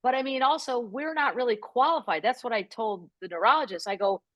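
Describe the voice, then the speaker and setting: A middle-aged woman, a comedian, telling stories about caring for her parents with quick asides. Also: fairly high pitch, dry recording. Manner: lively, animated delivery with quick asides. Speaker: guest comedian. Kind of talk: comic storytelling in a podcast chat.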